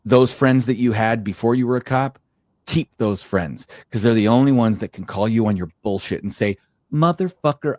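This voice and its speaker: A man's voice: lowish voice, a little mellow, no echo. A man co-hosting a podcast in casual chat, blunt and swearing freely. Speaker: podcast co-host.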